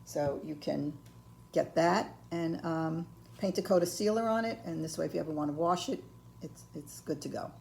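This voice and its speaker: An older woman giving a patient, step-by-step ceramics painting lesson, filling pauses with ums and okays. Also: low voice, creaky, a little mellow, slight background noise. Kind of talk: step-by-step craft tutorial.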